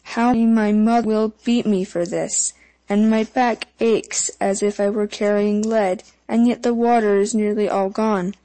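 A woman's voice: medium pitch, steady tone, unhurried, warm tone, no echo, lightly acted, poor audio. A woman voicing a strong, put-upon young peasant girl who complains plaintively in a storybook reading. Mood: distressed.

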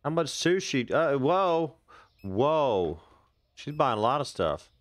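A man's voice: mid-range voice, sing-song, takes it slowly, no room sound. A man casually commenting on his own gameplay on a live stream, chatting with viewers and making sarcastic asides.

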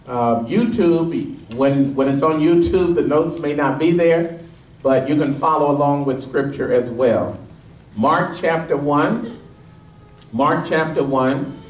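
Emphatic pastor preaching in an echoey church. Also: male voice. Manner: call-and-response preaching, quizzing the congregation; energetic and emphatic, rising in pitch as he drives points home. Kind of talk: sermon. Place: church sanctuary. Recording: echoey room, mic at a distance.

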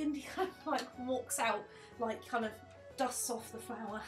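A woman's voice: on the high side, a little slow, music in the background. A woman narrating as game master of a tabletop game, chatty and casual. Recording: echoey room.

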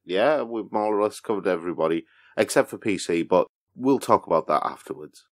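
A man's voice: sits low, animated, a little fast. A man co-hosting a casual podcast, playful and mock-dramatic. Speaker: podcast producer and co-host. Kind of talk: casual chat.

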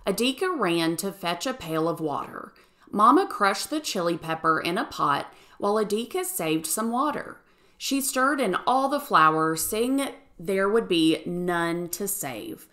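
Expressive woman teacher reading aloud. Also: mid-range voice. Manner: expressive storytelling. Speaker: third grade teacher. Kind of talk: children's picture book read-aloud.

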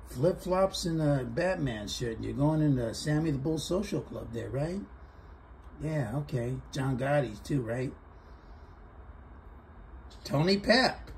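A man's voice: mid-range voice, a little slow, a little mellow, a little hiss or hum. A middle-aged man, vlogging in a casual, mocking monologue, tacking "there" and "huh" onto his taunts.

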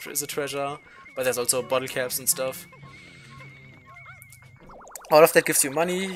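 A man's voice: medium pitch, a bit bright. A man streaming a video game, chatting casually, swearing freely and laughing often. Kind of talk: casual gameplay commentary.

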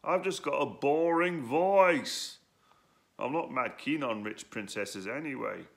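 A man's voice: medium pitch, lively intonation, slow, gravelly, voice pushed up. A man voicing a meek young male knight with a droning, boring voice, reading a storybook aloud. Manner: droning, wordy.

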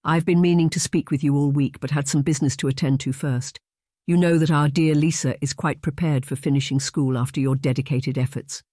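A man's voice: a little high, steady tone, brisk, mellow, dry recording, natural voice. Man doing a gracious noblewoman, cheerful, raised voice, dry close audiobook sound. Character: kindly cheerful middle-aged noblewoman employer.

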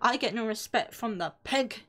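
A woman's voice: on the high side, normal speed. A young British woman streamer telling a rambling, sweary story, often breaking off mid-sentence. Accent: British English. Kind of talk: casual storytelling on a live stream.

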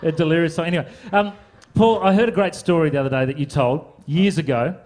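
A man's voice: on the high side, fast talker, darkish tone. A man interviewing musicians, asking questions and giving short, encouraging replies. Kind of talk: casual interview.

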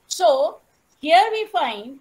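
A woman with an Indian English accent giving an online lecture, telling a story slowly and putting questions to her audience. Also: sits high, very animated, a little mellow, low-quality recording. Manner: measured, repeats phrases, asks the audience questions. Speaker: teacher educator giving an online talk.

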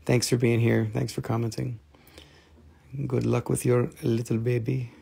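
A man's voice: mid-range voice, monotone, moderate pace, vocal fry, warm tone, slightly rough. A man hosting a live crystal sales stream, joking around and switching into playful broken-English banter.

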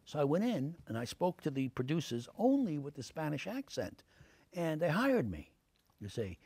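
An older man, an actor answering interview questions with lively anecdotes full of fillers, in a TV studio. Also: on the high side, normal speed, breathy edge, dry recording. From Brooklyn, New York. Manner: animated anecdotes, many fillers, acts out quoted voices.

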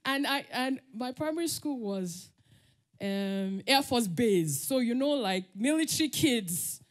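A Nigerian woman speaks at a summit, her fairly high voice leaping up and down as she tells stories. She laughs often and slips into the voices of the people she quotes. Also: expressive, measured pace. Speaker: conference speaker. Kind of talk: conference talk with personal stories. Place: summit stage.

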